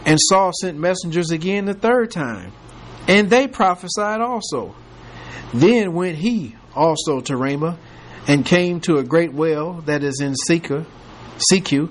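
A man teaching a small Bible study, his voice sitting slightly high. He moves between reading old scripture and telling the story again in his own playful, joking words. A faint hum of the room stays under him. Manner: reads scripture aloud then retells it with playful humor and laughter.

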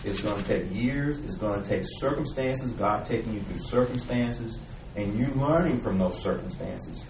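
A man joining an informal Bible study discussion, halting and repeating himself with many "you know"s. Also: lowish voice, distant mic, background noise. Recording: echoey room, voice from across it.

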